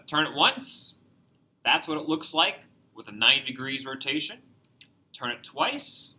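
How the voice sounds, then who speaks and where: A male math teacher records a video lesson, talking straight to his students in an upbeat, joking way. His voice sounds very bright, and his pitch rises and falls a lot. A faint hiss of noise runs under the recording. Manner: upbeat, joking, talks to viewers directly.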